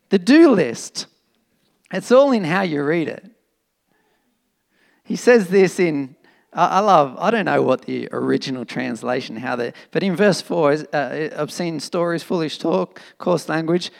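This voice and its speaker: A man preaching a sermon in an animated, emphatic, conversational way, with fillers and restarts. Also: high-pitched, gravelly. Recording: long reverb of a hall.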